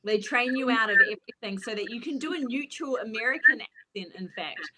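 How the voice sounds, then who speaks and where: A woman's voice: fairly high pitch, a little fast, noisy background. A woman with a New Zealand accent, a podcaster and former actor, chatting casually on a video call and laughing often. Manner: laughs often, lively storytelling.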